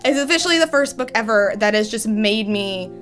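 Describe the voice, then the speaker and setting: Gushing high-voiced young woman. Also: expressive, fairly quick, a bit bright, faint music behind. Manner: gushing fangirl chatter, many fillers and exclamations. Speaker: book reviewer. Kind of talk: excited vlog review.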